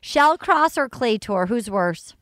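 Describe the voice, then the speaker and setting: A woman's voice: a little high, slow pace, no echo, clean studio sound. A woman hosting a podcast, animatedly recapping a show and acting out the people in it. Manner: animated recapping, acts out quotes. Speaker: podcast host. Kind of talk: casual chat.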